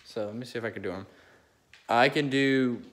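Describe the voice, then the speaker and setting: A man's voice: mid-range voice, moderate pace, a bit bright. A young man chatting casually and rambling eagerly between his impressions, recorded on a phone. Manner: rambling, restarts often, eager. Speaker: amateur impressionist.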